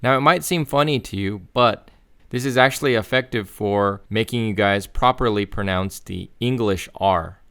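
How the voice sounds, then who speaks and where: A man teaching English pronunciation in a clear, deliberate lesson, slowly stressing the example words. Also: lowish voice, fairly bright tone, very echoey. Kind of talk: scripted lesson.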